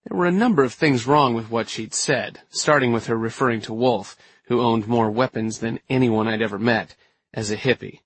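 A man reading a first-person story aloud in a steady, measured way. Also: medium pitch, slightly rough, no room sound. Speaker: audiobook narrator. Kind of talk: first-person scripted narration.

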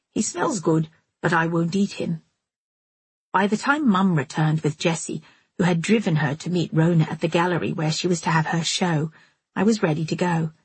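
A woman reading a first-person novel aloud as an audiobook narrator, in a measured, steady manner. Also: fairly low pitch, slightly rough, no echo.

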